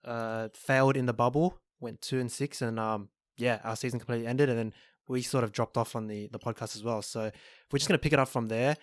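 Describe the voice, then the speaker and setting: A man co-hosting a sports podcast, talking in a measured way with frequent pauses and restarts. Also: mid-range voice, steady tone, no room sound, clean studio sound. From Australia. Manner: measured, hesitant, lots of ums and restarts. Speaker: podcast co-host. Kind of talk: casual chat.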